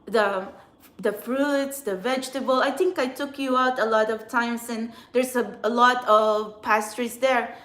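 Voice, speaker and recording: A woman, a spiritual channeler, venting in an emotional, agitated monologue outdoors in a city, swearing often and swinging between quiet and loud. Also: a little high, steady tone, unhurried, reverberant. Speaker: spiritual channeler and tarot reader.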